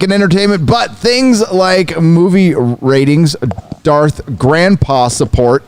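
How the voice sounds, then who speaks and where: A man's voice: fairly high pitch, darkish tone, no echo. A man co-hosting a live stream, chatting casually with lots of swearing and reading news and donations aloud. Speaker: co-host. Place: live event venue.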